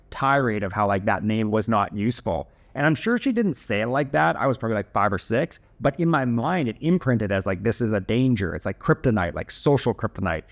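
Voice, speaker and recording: A young man casually telling a personal story to camera, chatty and self-deprecating, with lots of fillers and restarts. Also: mid-range voice.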